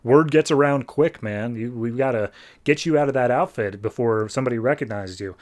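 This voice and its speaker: A man doing a hurried streetwise young guide. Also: mid-range voice, darkish tone, close to an everyday voice. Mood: urgent.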